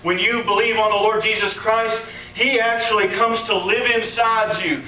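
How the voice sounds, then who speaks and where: Man preacher, animated sermon, bright high voice, echoey hall, picked up from a distance. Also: moderate pace. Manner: animated, acts out quoted voices, laughs. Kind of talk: conference sermon. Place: conference hall. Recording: echoey hall, distant mic, faint room noise.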